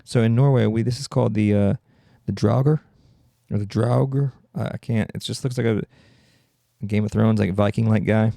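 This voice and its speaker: A gravelly, low-pitched man hosts a podcast in a loose, profane comedic monologue. He riffs and keeps cutting himself off mid-thought. His tone is dark and mellow, recorded dry and close. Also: steady tone, moderate pace, no room sound. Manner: riffing, self-interrupting, profane. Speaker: podcast host.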